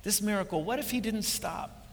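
A man preaching a sermon as pastor, impassioned, building to emphatic peaks and then dropping quiet. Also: high voice, moderate pace, creaky, slight background noise. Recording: long reverb of a large hall with faint music.

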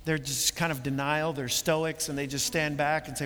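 Impassioned man preaching, bright echoing hall. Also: medium pitch, level tone, moderate pace. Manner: impassioned, rising to emphatic peaks then dropping quiet. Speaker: pastor. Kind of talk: sermon. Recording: long reverb of a large hall with faint music.

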